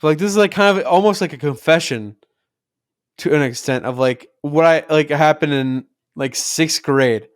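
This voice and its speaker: A man's voice: fairly high pitch, moderate pace, clean tone, dry recording, studio quality. A young man co-hosting a podcast, telling rambling stories full of "like" and swearing freely. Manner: rambling storyteller, heavy filler "like", swears freely. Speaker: podcast co-host. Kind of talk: casual chat.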